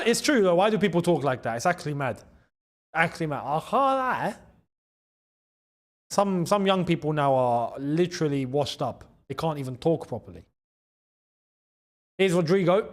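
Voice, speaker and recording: A young man with a London accent and a high-sitting voice hosts a live football watchalong. He chats in slang and breaks into excited shouts at big chances.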